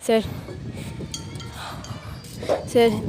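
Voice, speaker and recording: A woman's voice: on the high side, fairly even intonation, a little slow, noisy background. A woman casually retelling a fan story in a rambling, filler-heavy way with frequent restarts.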